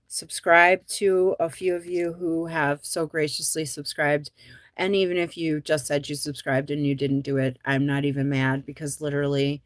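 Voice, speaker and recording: This woman comedian, hosting a show, has a low voice and chats casually with viewers, rambling with many likes and ums and laughing at her own jokes often. The studio sound is clean, without room sound.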